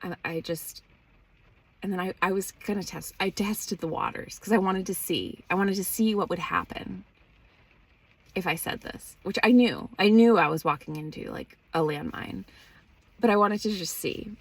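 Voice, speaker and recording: A woman's voice: medium pitch, normal speed, creaky, husky. A woman podcast host candidly recounting a personal story in casual, profane speech and acting out the dialogue.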